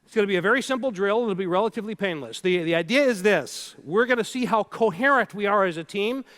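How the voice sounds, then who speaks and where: A man's voice: high-pitched, fast, a bit bright. A man giving a live keynote talk, telling stories playfully and speaking straight to the audience. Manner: storytelling, playful, engages the audience directly.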